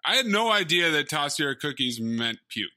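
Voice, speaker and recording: A man's voice: fairly high pitch, very animated, moderate pace, pushed and bright, no echo, clean studio sound. A man co-hosting a comedy movie podcast, dropping jokey asides and quips. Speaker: podcast co-host.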